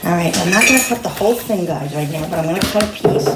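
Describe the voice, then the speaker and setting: A woman's voice: on the low side, animated, fast, heavy background noise. A woman hosting a casual home cooking vlog, chatting to viewers as she tastes her food in her kitchen. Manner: chatty, talks to viewers while eating. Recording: echoey kitchen with clattering dishes.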